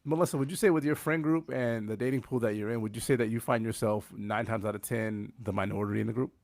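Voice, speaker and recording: A man's voice: fairly low pitch, fairly even intonation, quick pace, gravelly, a little mellow, no room sound, clean studio sound. A man hosting a casual group podcast, prodding his guests with question after question. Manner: prodding, asks many questions. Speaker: podcast host.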